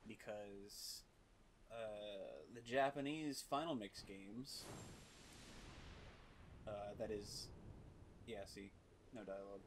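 A man's voice: on the low side, slow, long pauses, slight background noise. A man giving casual let's play commentary while gaming, rambling with many fillers and swearing freely. He talks his way loosely through the game as he plays.

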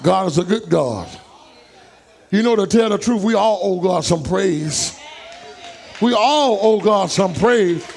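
A preacher delivering a fervent sermon in a church, building into shouts and sudden high whoops. His voice sits unusually high for a man and carries a gravelly edge. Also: expressive, slow, pauses often, a faint crowd, slight background noise. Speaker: pastor. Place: church sanctuary.

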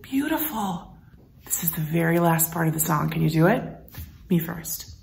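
A woman teaching a children's music and movement lesson at home. She talks in an animated, sing-song way and coaxes the children to join in. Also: low voice, normal speed, gravelly, reverberant, recorded from a distance.

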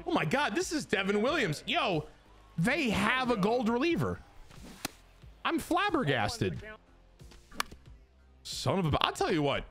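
Pria gamer yang heboh dan ekspresif. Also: male voice, a little slow, long pauses, soft background music. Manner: excitable, crude joking, swings between loud hype and low mutters. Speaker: gaming YouTuber. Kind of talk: casual gameplay commentary.

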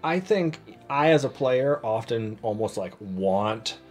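A man's voice: medium pitch, lively intonation, takes it slowly, faint music behind. A man co-hosting a casual tabletop gaming chat, talking in a loose, rambling way and reading out listener stories. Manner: rambling, full of "like" and restarts.

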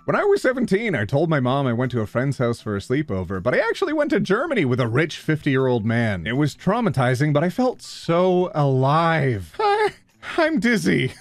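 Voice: medium pitch, huge pitch swings, normal speed, no echo. A video host reads funny online posts aloud, breaking into giggles and incredulous reactions. The voice swoops wildly up and down with big expression. It is recorded close and dry, with no room sound. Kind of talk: casual meme reaction, reading posts aloud.

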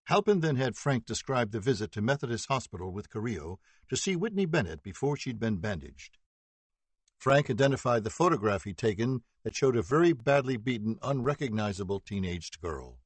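A man reading a true-crime audiobook as narrator, steady and even, voicing quoted dialogue lightly. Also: medium pitch, brisk, slightly rough, dry recording. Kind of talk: scripted narration.

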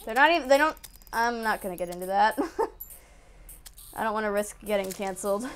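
A young woman giving casual gameplay commentary, excitable, yelping and laughing as she plays. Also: mid-range voice, moderate pace, a little hiss or hum. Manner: excitable, yelps and laughs at the game. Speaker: gaming channel host.

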